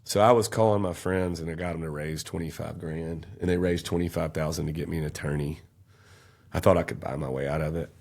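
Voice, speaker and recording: A man's voice: extremely low pitch, steady tone, fairly quick, vocal fry, a little mellow. A man, telling an intense, emotional personal story as a podcast guest. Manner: intense, emotional storytelling, raising his voice at peaks.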